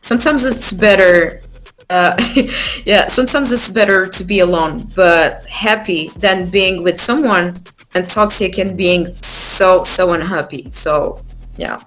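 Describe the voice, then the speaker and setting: A woman guest on a podcast, talking in a slow, halting way with many fillers. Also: on the low side, a bit bright. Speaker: guest musician. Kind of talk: casual interview chat. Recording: faint music underneath.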